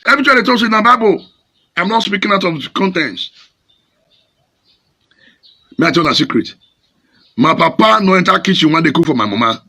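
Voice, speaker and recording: A Nigerian pastor preaching in a fiery, scolding, dramatic way, mixing Pidgin and English. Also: male voice, high voice, expressive, fairly quick, pauses often, bright, forceful tone, husky.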